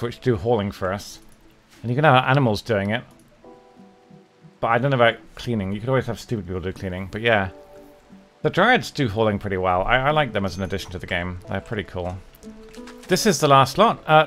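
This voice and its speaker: A man's voice: on the low side, fairly quick, a bit bright, faint music behind. A man casually talking his way through a strategy game as a streamer, chatting and muttering to himself and his characters. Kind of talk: casual gameplay commentary.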